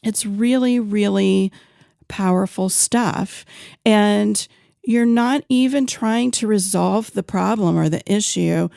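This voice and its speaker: A woman host talks slowly and earnestly on her own podcast, her voice low-pitched with a gravelly edge. The sound is dry and close, with a mellow, dark tone. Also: dry recording. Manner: earnest, unhurried, with fillers and restarts. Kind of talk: solo podcast talk.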